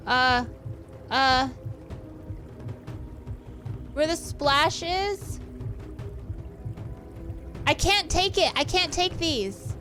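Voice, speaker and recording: A woman streaming a video game live, reacting with frustration, swearing and shouting in bursts. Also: sits high, expressive, drawn-out words, pauses often, soft background music. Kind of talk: live gaming stream commentary.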